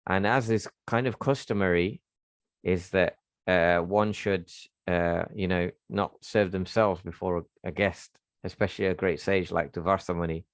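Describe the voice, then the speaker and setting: A man leading a scripture reading class, retelling a sacred story in a halting way with many fillers and restarts. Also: low-pitched, steady tone, no room sound.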